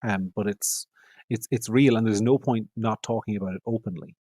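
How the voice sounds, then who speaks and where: A man's voice: on the low side, normal speed, warm tone, dry recording. A middle-aged Irish man with an Irish accent, giving long, analytical answers as a podcast guest and repeating phrases for emphasis. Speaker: guest, media editor.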